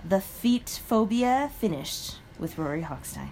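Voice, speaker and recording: A young adult woman co-hosting a podcast in casual chat, telling stories in an animated way and laughing often. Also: mid-range voice, a little slow, breathy edge. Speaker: podcast co-host.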